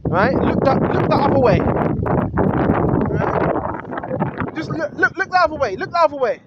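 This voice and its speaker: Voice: sits high, big pitch swings, quick pace, lo-fi sound, heavy background noise. A vlogger, talking outdoors on a street into a handheld phone. The talk is a repetitive, preachy monologue that quotes scripture and keeps asking "right?".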